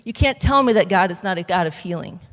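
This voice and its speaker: A young adult woman giving an energetic, emphatic sermon as a camp speaker. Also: fairly low pitch, quick pace. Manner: energetic, emphatic preaching with rising bursts. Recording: speech in a reverberant hall.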